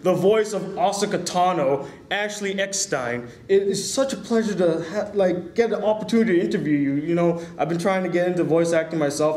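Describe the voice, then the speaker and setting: A man's voice: high-pitched, darkish tone, roomy sound. A man hosting his own channel, chatting eagerly with fillers as he runs an amateur interview.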